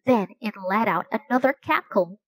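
A woman reading a children's story aloud in a slow, clear, gentle storytelling way. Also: medium pitch, animated, no room sound, rough recording. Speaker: storybook reader.

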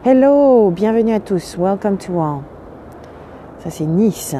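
A French-accented woman, voice still sleepy, runs a casual phone livestream outdoors on a windy seaside morning, greeting viewers in French and English. Her medium-pitched voice is expressive and measured in pace, with background noise around her.

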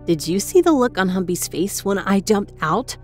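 A woman's voice: mid-range voice, sing-song, moderate pace, faint music behind, lightly acted. A woman voicing a playful young girl in a spoken storybook, with an eager, giggly manner. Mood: gleeful.

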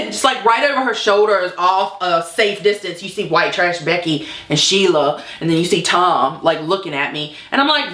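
A woman's voice: mid-range voice, animated, moderate pace, few pauses, fairly bright tone, echoey room. A woman telling a personal story to the camera in a candid, blunt way, swearing freely. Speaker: vlogger. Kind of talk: casual storytelling.

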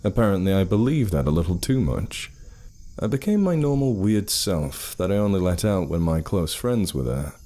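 Deep-voiced man narrating a horror story. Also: moderate pace. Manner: expressive, storytelling.

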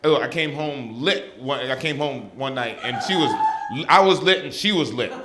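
A male stand-up comedian telling an animated story on a comedy club stage. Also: mid-range voice, normal speed, background noise. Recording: live stand-up with crowd laughter.

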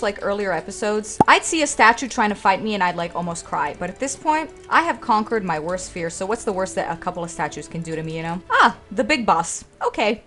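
A woman's voice: mid-range voice, a bit bright. A woman in her twenties giving sassy, dramatic, exasperated commentary while playing through a game. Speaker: let's play streamer. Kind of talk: gameplay commentary.

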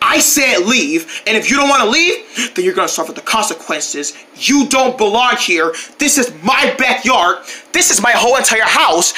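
A woman voicing a bossy boy leader in a homemade toy cartoon, talking slowly and emphatically as he threatens an intruder. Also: a little high, sharp tone.

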